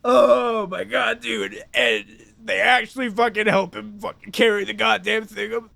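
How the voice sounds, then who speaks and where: A loud, excitable man recaps a show for his co-hosts in casual podcast chat, swearing freely. His voice sits high. The sound is dry and close. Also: normal speed, creaky, no room sound. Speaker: podcast co-host.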